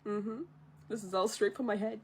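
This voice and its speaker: A woman streamer reciting a film from memory, animated, laughing, pausing to recall. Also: medium pitch, breathy edge. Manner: animated, laughing, stops to remember.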